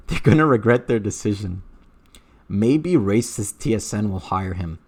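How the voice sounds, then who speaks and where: A man's voice: fairly low pitch, lively intonation, measured pace, a little mellow. Brief: man with an accent, casual livestream commentator, blunt and profane, lots of "uh"s. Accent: unidentified accent. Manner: blunt and profane, with frequent fillers. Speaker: streamer reading live chat.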